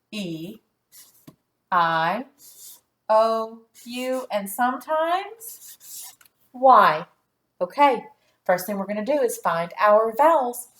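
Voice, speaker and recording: A woman teaching a phonics lesson to young children in a patient, clear teacher voice, sounding out letters one by one. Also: a little high, fairly bright tone.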